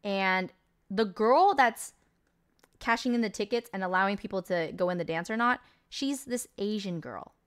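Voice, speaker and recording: A woman's voice: medium pitch, normal speed, smooth. A young adult woman streamer chatting casually, telling a long story in a rambling, incredulous way with lots of fillers. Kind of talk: casual stream chat recapping a movie.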